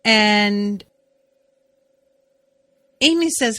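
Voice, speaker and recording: A woman's voice: mid-range voice, expressive, slow pace, pauses often, a bit bright, dry recording. A woman co-hosting a podcast, recapping a TV episode in casual, chatty talk full of "like" and the odd swear. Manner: chatty, swears, many "like" fillers. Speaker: podcast co-host.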